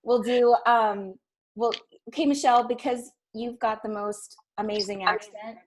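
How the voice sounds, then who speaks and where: A woman's voice: a little high, steady tone, unhurried, poor audio. A woman moderating a video call panel, upbeat and encouraging as she directs the talk. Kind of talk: casual video call chat.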